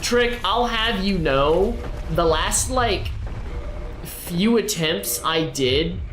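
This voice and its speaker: A man's voice: high-pitched, expressive, extremely slow, a bit bright, soft background music. A man live-streaming a video game, chatting with viewers and teasing them and the game in a playful way.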